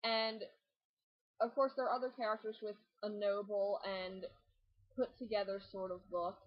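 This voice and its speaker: A woman's voice: medium pitch, dull audio. A young woman vlogger giving casual cosplay advice in a chatty, joking way with rambling asides. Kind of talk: casual tutorial talk.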